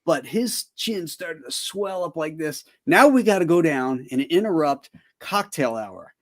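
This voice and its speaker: A man's voice: on the high side, expressive, a little slow. A middle-aged man in casual chat, telling jokey childhood stories. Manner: jokey, chatty.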